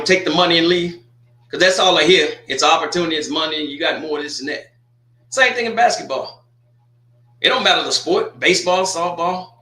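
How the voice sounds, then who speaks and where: A man's voice: high-pitched, pushed and bright, roomy sound. A sports livestream host, chatting loosely and jokingly straight to his viewers. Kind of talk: casual livestream commentary.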